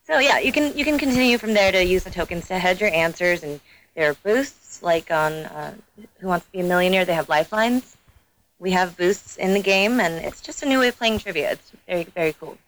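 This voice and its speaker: A woman guest chatting casually on a podcast, upbeat and quick to laugh. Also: on the low side, a bit bright, a little hiss or hum, low-quality recording. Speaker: guest game producer.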